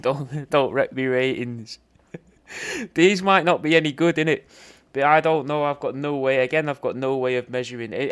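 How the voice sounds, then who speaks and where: A man rambles through a comedic roast, swearing freely and tacking "mate" onto nearly every line. His pitch sits in an ordinary middle range, and the delivery is loose, mock-insulting and unscripted. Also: clean tone. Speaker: podcast host recording paid video messages.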